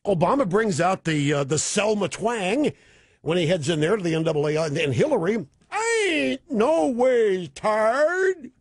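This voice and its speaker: A male radio host riffs through a sarcastic, opinionated monologue with mocking asides. His voice sits high and swings widely in pitch, with a husky grain. The sound is close and dry. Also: expressive, brisk, a little mellow, dry recording. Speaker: radio talk show host.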